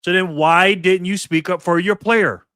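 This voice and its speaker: A man's voice: sits high, steady tone, a little slow, pushed and bright, dry recording, studio quality. Angry ranting man in his fifties. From New York State. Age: 50s. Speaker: livestream host. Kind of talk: live political commentary.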